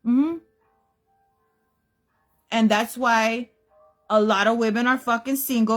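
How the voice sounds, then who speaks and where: A woman's voice: a little high, fairly even intonation, takes it slowly, pauses often, faint music behind. A young woman, hosting a podcast and ranting bluntly about dating, swearing heavily. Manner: blunt, emphatic, heavy swearing. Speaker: podcast host. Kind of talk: profane opinion rant.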